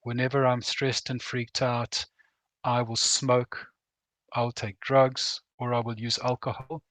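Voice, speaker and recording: A man's voice: medium pitch, little pitch movement, slow, fairly bright tone, no echo. A middle-aged man speaking earnestly and plainly as a guest on a veterans' program, acting out short bits of dialogue as he talks. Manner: earnest, plain-spoken, acts out quoted dialogue. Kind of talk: reflective talk.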